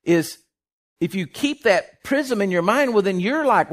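A man preaching a sermon, impassioned, rising loud then dropping soft, often restarting his words. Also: high voice, animated, measured pace.

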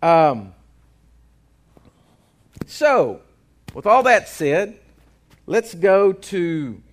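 A man's voice: high voice, very animated, drawn-out words. A man, a pastor preaching a sermon in a folksy, joking way with asides to the congregation. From Texas.

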